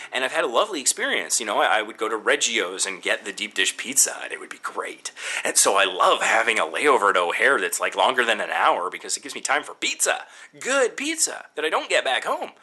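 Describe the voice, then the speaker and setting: A man casually recounting a frustrating airport layover, animated and exasperated, acting out both sides of his exchanges with staff. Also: medium pitch. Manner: exasperated, animated, quotes himself and others. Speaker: traveler telling a story. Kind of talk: casual storytelling rant.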